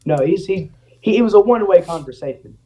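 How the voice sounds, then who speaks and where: This young man talks fast in a high voice as a guest, animatedly reenacting dialogue while sharing a personal story in casual talk. The recording quality is dull and lo-fi.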